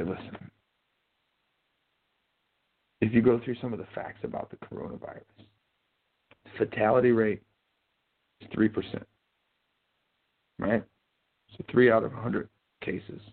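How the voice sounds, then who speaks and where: Gravelly, husky-voiced man on a tinny line. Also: fairly low pitch. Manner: rambling, profane, joking storytelling. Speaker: host. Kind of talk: casual live-show chat. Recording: tinny phone-like sound.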